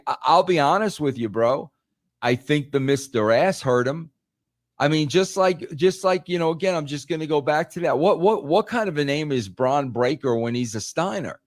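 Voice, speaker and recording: A man's voice: a little high, no echo, studio quality. A man talking in a casual podcast chat, emphatic, repeating words and saying "bro" a lot. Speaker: podcast guest, former wrestling writer.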